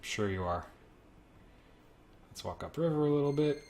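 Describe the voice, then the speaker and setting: A man's voice: medium pitch, animated, moderate pace, a little mellow, slight background noise. A man hosting a podcast, casually reading game text aloud and joking through a playthrough. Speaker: podcast host playing a game. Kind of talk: casual let's-play commentary.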